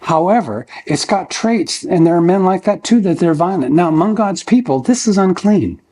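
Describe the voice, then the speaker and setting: A man's voice: high-pitched, animated, moderate pace, a little mellow. An older man preaching a verse-by-verse sermon in a church. He talks in a folksy, conversational way, asks his listeners rhetorical questions, and keeps checking in with "okay?". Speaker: pastor.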